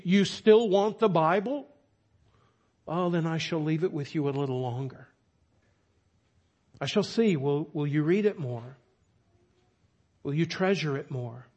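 A man's voice: on the high side, a little slow, pauses often, a little mellow. A man voicing God as a stern, grieved figure who rebukes a people for neglecting his word. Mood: solemn. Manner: solemn, reproachful questioning.

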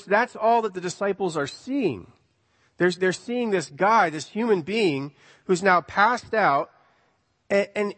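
A man's voice: high voice, a bit bright, long reverb tail. A male preacher giving a sermon, telling a story in a conversational way with rhetorical questions.

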